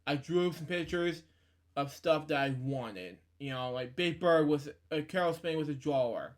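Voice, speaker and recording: Man hosting a casual book review, rambling, self-correcting, slightly high voice. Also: normal speed.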